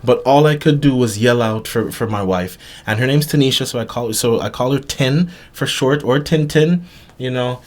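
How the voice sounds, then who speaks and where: A man telling a personal story to his viewers in an earnest, halting way, with many restarts and repeated words. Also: mid-range voice. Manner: earnest, emphatic retelling. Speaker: vlogger.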